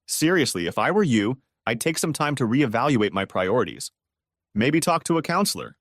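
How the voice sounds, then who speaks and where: A man voicing a calm otherworldly male spirit guide who asks steady, probing questions. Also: mid-range voice, moderate pace, no echo, clean studio sound. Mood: earnest.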